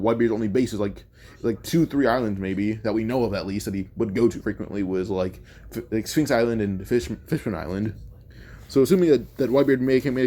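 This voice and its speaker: Mellow-voiced man rambling through a story. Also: mid-range voice. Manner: rambling, thinks aloud with many self-corrections. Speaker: fan-fiction storyteller. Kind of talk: casual improvised retelling.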